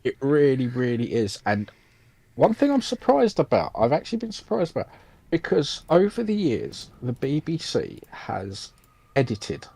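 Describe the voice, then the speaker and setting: A British man co-hosting a podcast in casual chat, halting and full of ums and restarts. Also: medium pitch, huge pitch swings, vocal fry, mellow, slightly rough, low-quality recording. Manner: hesitant, lots of ums and restarts. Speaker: podcast co-host.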